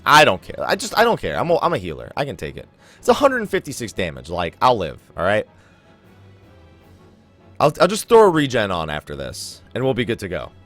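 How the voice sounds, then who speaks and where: A young man hosting a let's play, commentating his gameplay in an animated, chuckling, self-mocking way, with faint game music behind him. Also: on the low side, brisk. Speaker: gaming channel host.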